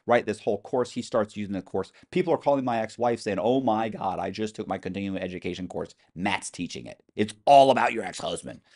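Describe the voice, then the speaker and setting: A man's voice: on the low side, a little fast, hardly any pauses, a little mellow. A man telling a long story as an interview guest, acting out the people he quotes and swearing freely.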